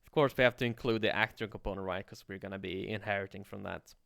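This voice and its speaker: Man, livestream coding lesson, relaxed and swearing, smooth resonant voice, dry sound. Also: fairly low pitch, quick pace, no echo. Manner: relaxed, swears casually, thinks aloud. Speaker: livestreaming programming teacher. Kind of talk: casual live coding tutorial.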